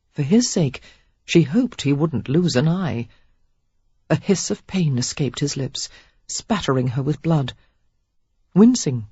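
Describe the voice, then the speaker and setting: A woman reads a novel aloud with a lively, expressive pitch and a husky, breathy grain. The sound is dry and close, with a slightly dull, muffled top end. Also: no room sound. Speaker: audiobook narrator. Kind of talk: scripted narration of a romance novel.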